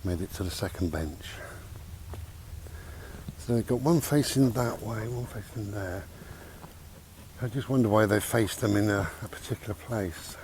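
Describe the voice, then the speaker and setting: A man's voice: lowish voice, unhurried, long pauses, a little mellow. A man vlogging outdoors with a handheld camera, chatty and rambling, a little out of breath from walking. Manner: rambling, chatty, talks to his dog. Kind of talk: casual outdoor vlog talk. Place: outdoors in a park. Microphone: handheld camera mic. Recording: faint outdoor background noise.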